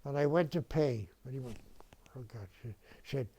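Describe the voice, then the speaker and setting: A man, reminiscing in a rambling, halting way with frequent restarts and throat clearing. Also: mid-range voice, mellow. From Wales. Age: 90s. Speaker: interviewee, retired dentist. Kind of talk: reminiscing storytelling.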